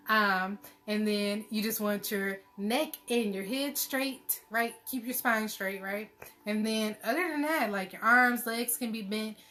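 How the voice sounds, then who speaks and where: A woman's voice: fairly high pitch, bright, forceful tone. A woman hosting a meditation group, chatting in a casual, playful and joking way, full of fillers. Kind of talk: casual livestream chat.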